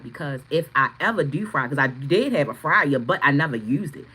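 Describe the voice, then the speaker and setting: Middle-aged woman, crisp and bright tone, swears freely, casual live-stream storyteller. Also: low-pitched, animated, fairly quick, poor audio. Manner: profane, blunt, laughing storyteller; greets chat viewers by name. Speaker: tarot reader streaming live.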